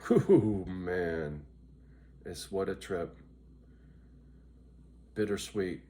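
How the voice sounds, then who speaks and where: Over slight background noise, a middle-aged vlogger speaks very slowly in a low, dark voice. He's drained and loopy, chatting profanely with his viewers and repeatedly asking "right?"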